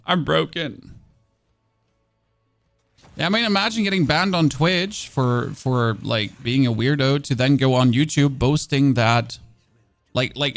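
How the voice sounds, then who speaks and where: German male streamer, chatty and self-mocking, mid-pitched voice, dry close sound, lots of uh and restarts. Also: dry recording. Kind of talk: casual gameplay commentary with chat.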